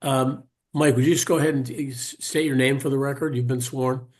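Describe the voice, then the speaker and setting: A man representing a bar at a hearing, questioning a witness in a halting way, full of fillers, over a video call. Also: mid-range voice, steady tone. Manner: halting, hesitant, many fillers.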